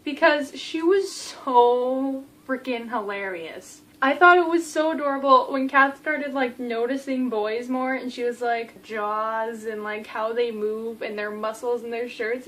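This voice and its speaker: A young adult woman giving a casual book review vlog, gushing and animated, acting out the characters' lines. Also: on the high side, a little slow, few pauses, rough recording.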